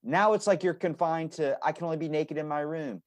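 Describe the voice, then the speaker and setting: A man's voice: a little high, brisk, dry recording. A man hosting a podcast who talks bluntly, gives strong opinions and swears freely. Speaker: podcast host. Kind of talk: casual conversation.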